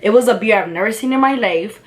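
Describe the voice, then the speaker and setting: A woman's voice: mid-range voice, quick pace. A young woman tells a storytime to her camera while she does her makeup. Her talk is candid, profane and thick with slang and fillers. It stays a casual, confiding chat. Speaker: vlogger.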